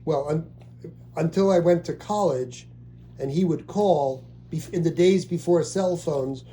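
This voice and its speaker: A middle-aged man talks casually with family, his voice mellow and a touch high. He rambles, restarting his sentences and filling gaps with little words. He asks questions about a relative. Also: unhurried. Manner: rambling, with many restarts and fillers.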